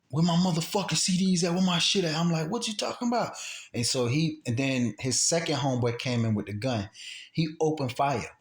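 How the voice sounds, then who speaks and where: A man casually telling a personal story, acting out quotes and sound effects and often repeating himself. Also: mid-range voice. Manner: animated, acts out gunshots and quotes, repeats himself. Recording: roomy echo.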